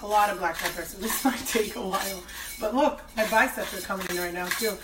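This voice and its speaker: A woman's voice: mid-range voice, fairly quick. Playful slangy woman cooking in a kitchen. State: slightly hoarse. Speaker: cooking show host. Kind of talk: casual cooking vlog. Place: home kitchen. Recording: roomy, distant mic, clattering kitchen noise.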